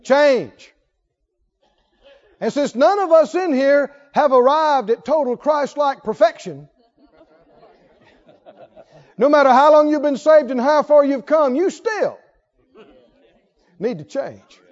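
A man's voice: very high voice, animated, a little slow, pauses often, long reverb tail. A man preaching a sermon, emphatic and laughing often as he asks the congregation questions. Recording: dull lo-fi recording.

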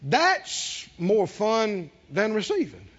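This is a slow, high-pitched man giving a sermon. He laughs through a story and calls out to the congregation with an animated manner, and the sermon recording sounds dull and lo-fi.

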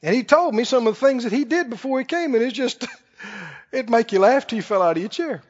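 Man preaching, very high voice, lively swooping delivery, dull recording, long reverb of a church hall. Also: fairly quick. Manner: animated, conversational, acts out quoted voices. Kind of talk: sermon.

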